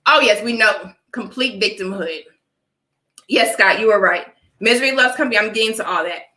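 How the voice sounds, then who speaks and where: At normal speed and medium pitch, a young adult woman vlogger preaches her opinions to live chat, her tone bright and forceful. Allergies give her a dry cough, and she often asks "all right?". This casual livestream has reverberant, poor audio.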